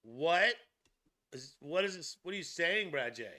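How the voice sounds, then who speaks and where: A man hosting a casual sports news channel, chatting excitedly with jokey asides and laughs. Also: on the high side, brisk.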